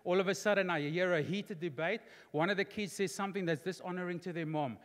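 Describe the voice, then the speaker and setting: A man, preaching a sermon as pastor in a large church auditorium, emphatic and repetitive, building to near-shouting. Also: high-pitched, quick pace. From South Africa. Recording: long hall reverb in church auditorium.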